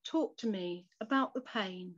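A woman voicing a gentle male shepherd who mends hurt creatures, speaking quietly and patiently. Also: mid-range voice, a little slow, lightly acted. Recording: dull lo-fi recording.

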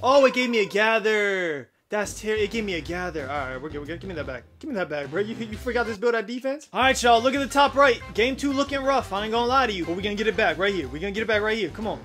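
A man's voice: sits high, quick pace, few pauses, fairly bright tone, faint music behind. A young man giving live gameplay commentary as a gaming YouTuber, hyped and full of slang as he trash talks opponents. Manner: hyped, slangy trash talk to teammates and viewers. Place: home gaming setup in front of a TV.

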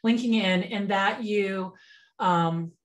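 Woman business mentor, webinar, relaxed chatty delivery, plain computer mic. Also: mid-range voice, takes it slowly. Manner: relaxed, chatty, frequent fillers and restarts. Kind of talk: conversational webinar presentation.

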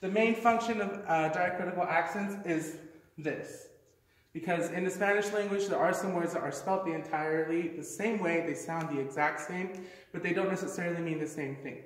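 A man's voice: high-pitched, normal speed. A man teaching a Spanish lesson in a casual, explanatory way. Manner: casual, explanatory, uses fillers. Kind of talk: classroom lesson. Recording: echoey room, mic far off.

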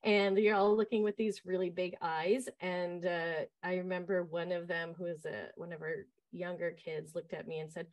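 A woman who runs a summer camp, telling stories casually in an interview, lively and full of fillers. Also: fairly low pitch, moderate pace, few pauses, highs cut off. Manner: lively, acts out quoted voices, many fillers.

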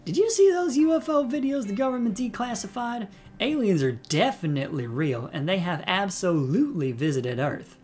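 A man's voice: high voice, sing-song, normal speed, darkish tone, pitched above the performer's own voice. A man voicing a chatty young female cryptid-hunting vlogger in a put-on Southern US accent, breezy and rambling. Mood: folksy.

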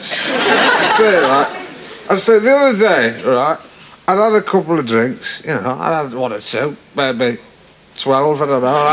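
A man performing a crude, boorish male pub comedian, rambling with lots of fillers in a stand-up monologue. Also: fairly high pitch. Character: boorish male pub comic, lewd and loutish. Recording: old TV broadcast, loud live studio audience, noisy tape.

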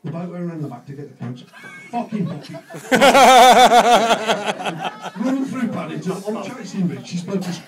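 A man's voice: fairly high pitch, very animated, quick pace, few pauses. A man telling jokes to friends in a busy pub, swearing and laughing as he goes. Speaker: amateur joke teller. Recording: echoey room from far off with loud crowd.

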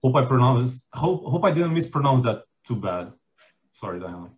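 A man's voice: medium pitch, big pitch swings, moderate pace, a little mellow. A man hosting a conference session over a video call, introducing a speaker with many fillers and restarts. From Romania. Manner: hesitant, many fillers and restarts, laughs easily. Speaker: conference host.

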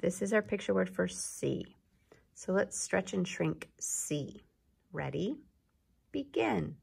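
A woman's voice: fairly low pitch, slow pace, gravelly, a little mellow, husky. A woman teacher giving a patient phonics lesson to young children, drawing out and sounding out words.

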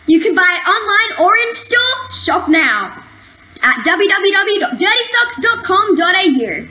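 A woman's voice: extremely high pitch, big pitch swings, unhurried, pushed and bright, echoey room, pitched above the performer's own voice, exaggerated voice. A woman putting on an over-the-top saleswoman voice for a mock advert. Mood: gushing. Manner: gushing hard-sell ad patter. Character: over-the-top shrill female sock saleswoman.

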